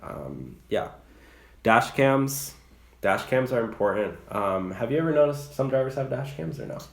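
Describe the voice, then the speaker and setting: A man's voice: mid-range voice, very animated, moderate pace, gravelly, reverberant. A young man giving casual advice about rideshare driving, chatty and loose with many fillers and restarts. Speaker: rideshare driver and channel host.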